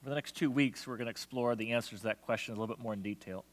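A man's voice: mid-range voice, rapid-fire. A man preaching a sermon as pastor, impassioned, acting out quoted voices and leading a prayer. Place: church hall. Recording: long hall reverb.

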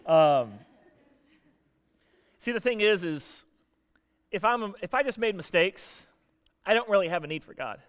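A man's voice: high-pitched, animated, a little slow, long pauses, clear, resonant tone. A man preaching a sermon as pastor, talking conversationally and joking, with frequent restarts. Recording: long reverb of a church hall.

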